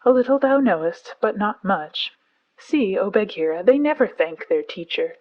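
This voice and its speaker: A woman's voice: medium pitch, animated, moderate pace, no echo, muffled recording, close to an everyday voice. A woman voicing an earnest, fond old bear who lectures his pupil in a storybook reading. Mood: earnest lecturing.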